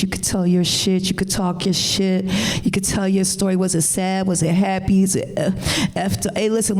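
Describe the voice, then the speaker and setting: With a mid-range, slightly mellow voice, a poet who also works as a co-editor performs spoken-word pieces live. She chants her lines rhythmically, then drifts into casual banter full of profanity.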